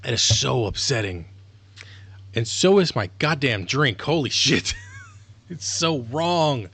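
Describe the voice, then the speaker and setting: A man's voice: mid-range voice, very animated, slow pace, fairly bright tone, slightly rough. A tired man talking casually and rambling on a live stream, swearing freely as he goes. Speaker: streamer learning a language.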